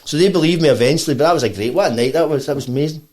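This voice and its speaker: A Scottish man, a bassist guesting on a podcast, tells a long, animated story full of quoted voices and laughter. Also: very fast. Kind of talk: casual storytelling.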